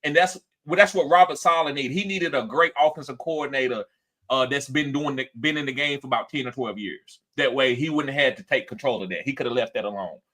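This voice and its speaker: The podcast host keeps his sports talk show casual and animated, moving at a fast clip. He reads chat comments aloud and performs quotes by raising his voice higher.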